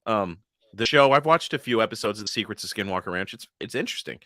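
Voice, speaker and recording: Lively laughing man, bright and dry. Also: lowish voice, quick pace, no echo. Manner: laughs often, swears freely, acts out silly voices. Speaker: podcast co-host. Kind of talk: casual chat.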